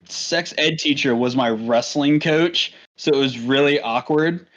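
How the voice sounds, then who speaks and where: A man's voice: mid-range voice, a little slow, a bit bright. A young man co-hosting a podcast, telling crude stories in casual chat and swearing often. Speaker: podcast co-host. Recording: muffled lo-fi mic.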